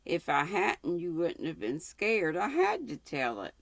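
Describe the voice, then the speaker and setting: A woman's voice: lowish voice, huge pitch swings, dry recording, full character voice. A woman voicing a guileless, remorseful little boy in a storybook reading. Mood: earnest. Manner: slow, homespun storybook reading.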